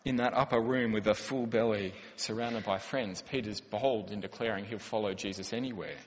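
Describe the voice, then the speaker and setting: A man's voice: lowish voice, moderate pace, a little hiss or hum. A man, a pastor preaching a sermon in an earnest, conversational way with rhetorical questions. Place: church hall. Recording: long church-hall reverb.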